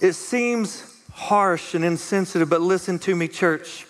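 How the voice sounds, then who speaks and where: Man, pastor, high voice, lively sermon, acts out quotes, reverberant hall. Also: unhurried. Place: church auditorium.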